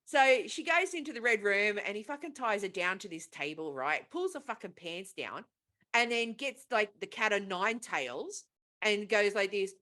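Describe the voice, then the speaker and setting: A woman's voice: medium pitch, expressive, moderate pace, pushed and bright. A woman co-hosting a casual podcast, retelling a film plot in a profane, rambling way. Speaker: podcast co-host.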